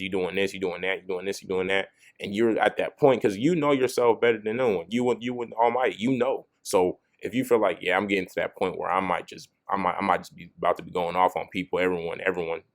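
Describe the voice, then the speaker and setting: A young man talks straight to camera in a loose, casual motivational style. He keeps circling back with "you know what I'm saying" and restarts lines as he thinks aloud. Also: deep voice. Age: young adult. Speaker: motivational video host.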